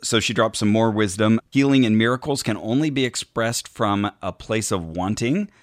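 A man's voice: lowish voice, moderate pace, no echo, clean studio sound. A man co-hosting a podcast, telling a wry story of an event and sometimes mimicking the people he quotes. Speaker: podcast co-host. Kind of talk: casual chat recounting an event.

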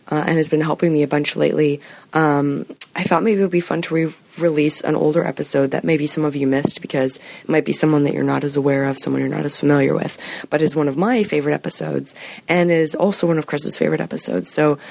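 A woman podcast host talking while sick, with a hoarse voice, in a slow, halting casual intro full of ums. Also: deep voice, darkish tone.

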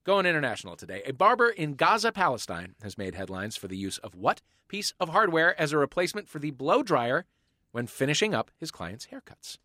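A male podcast host with a quick, animated delivery whose pitch swings widely as he steers the quiz. He talks in playful mock outrage. The sound is close and dry. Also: no echo. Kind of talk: comedy panel chat.

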